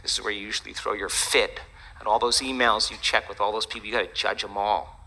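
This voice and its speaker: A man voicing his own restless body as it nags and wheedles him, in a lower, grumbling tone. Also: flat delivery, fast talker, vocal fry, pushed and bright, heavily acted. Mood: wheedling. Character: restless body nagging its owner.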